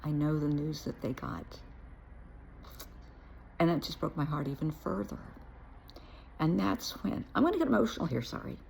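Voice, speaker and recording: A woman's voice: low-pitched, animated, normal speed, vocal fry, pauses often, darkish tone, slight background noise. A woman who works as a therapist, telling her own story in a frank, blunt way with dry asides. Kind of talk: personal storytelling to camera.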